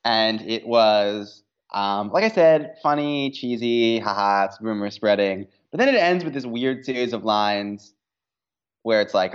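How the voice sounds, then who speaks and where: A woman's voice: a bass voice, lively intonation, a little slow, clean tone. A woman guest on a podcast, chatting casually in a wry, joking manner. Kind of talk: casual chat. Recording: dull lo-fi sound.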